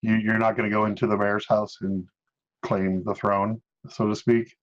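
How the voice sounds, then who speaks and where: Deep-voiced guy game-mastering, lots of uh pauses, muffled lo-fi sound. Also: little pitch movement. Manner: hesitant, many filler pauses. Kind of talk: narrating a tabletop game.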